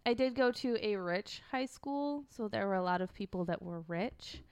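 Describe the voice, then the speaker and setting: A woman's voice: medium pitch, lively intonation, normal speed, darkish tone, clear, resonant tone, no room sound. A young adult woman speaking as a guest in casual podcast chat, hesitant with many ums.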